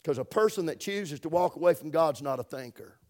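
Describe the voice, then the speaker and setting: A middle-aged man with a Southern US accent, preaching a folksy, emphatic sermon that swings between loud stresses and soft, drawn-out words. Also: on the high side, expressive. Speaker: pastor.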